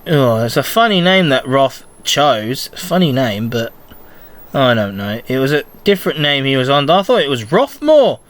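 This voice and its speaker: A man hosting a casual solo podcast, recapping in a rambling, excitable fan's manner. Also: mid-range voice, moderate pace. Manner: rambling, excitable fan chatter. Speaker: podcast host.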